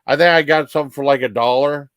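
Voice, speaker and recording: A man in his fifties telling rambling personal stories as a vlog host, halting with many fillers and restarts. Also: a little high, fairly bright tone, no room sound.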